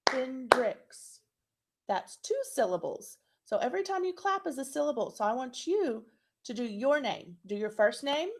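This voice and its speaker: A woman's voice: high voice, a little mellow. A woman teacher giving a recorded phonics lesson to young children, spelling words out letter by letter and clapping out syllables.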